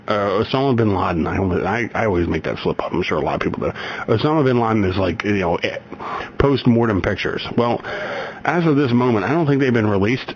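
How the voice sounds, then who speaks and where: A man hosting a radio show, chatting casually and reading a news story aloud with many restarts and chuckles. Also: medium pitch. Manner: rambling, self-correcting, chuckles often. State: getting over a migraine. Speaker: radio host. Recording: slightly dull radio recording, faint background noise.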